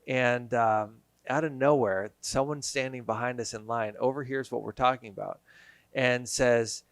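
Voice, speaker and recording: A man of medium pitch who is a podcast guest, telling a story with animated energy. His voice is recorded dry and close on a podcast mic, with no room sound. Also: unhurried, no room sound. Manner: animated storyteller, acts out quotes. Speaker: guest, business owner. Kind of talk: casual storytelling.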